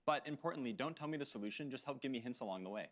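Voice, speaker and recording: A man's voice: mid-range voice, lively intonation, very fast, a bit bright. A man presenting in a live product demo, casual and upbeat.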